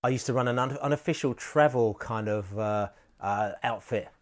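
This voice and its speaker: A man recalls away matches in a lively, chatty way, laughing through his stories. His voice sits at an ordinary middle pitch. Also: moderate pace. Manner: animated, laughs while telling stories. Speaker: football fan interviewee. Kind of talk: casual storytelling.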